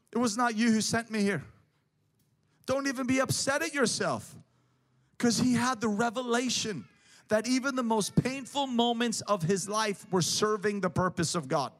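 A man with a notably high-pitched voice delivers an emphatic sermon. He drives each point home with repeated, parallel phrases. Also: moderate pace, fairly bright tone. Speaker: preacher.

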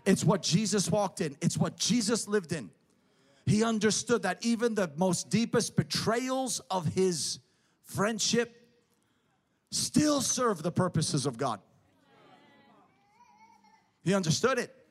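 High-voiced man preaching an emphatic sermon. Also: expressive, unhurried, long pauses. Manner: emphatic, builds repeated parallel phrases.

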